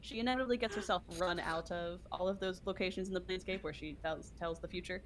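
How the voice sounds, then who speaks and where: A woman with a fairly low voice chats at a fast clip about a tabletop game. She is chatty and laughs often, talking into a desk mic. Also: slight background noise. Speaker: podcast editor and player.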